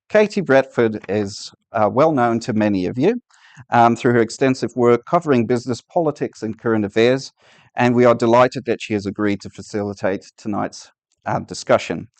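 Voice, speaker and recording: A man gives a formal welcome speech for a business association, reading from prepared remarks with occasional fillers. His voice sits at a middling pitch. The recording is dry. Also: darkish tone, no echo. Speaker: event presenter for a business association.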